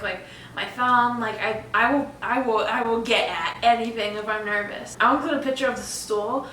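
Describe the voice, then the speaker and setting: Young female co-host, slightly high and bright, casual rambling recall, roomy and a bit off-mic. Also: recorded from a distance, slight background noise. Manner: chatty, filler-heavy, laughs often. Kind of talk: casual chat.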